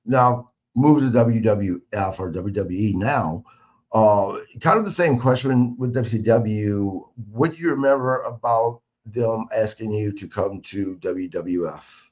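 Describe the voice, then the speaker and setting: Slow, low-voiced podcast host. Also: male voice, darkish tone. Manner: brief affirmations, measured questioning. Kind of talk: interview questions. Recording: dull, lo-fi sound.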